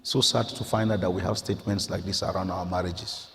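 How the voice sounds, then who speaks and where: A man from Nigeria preaching a sermon as pastor, moving from quiet prayer to impassioned, near-shouted exhortation. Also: low-pitched, flat delivery, fairly quick, in a large hall. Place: church sanctuary.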